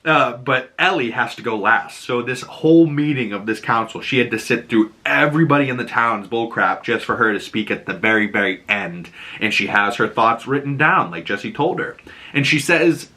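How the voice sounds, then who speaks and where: A man with a Boston accent chatting casually as he recaps a TV episode, telling the story with animated energy, acting out the characters' lines and cursing now and then. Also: mid-range voice, moderate pace.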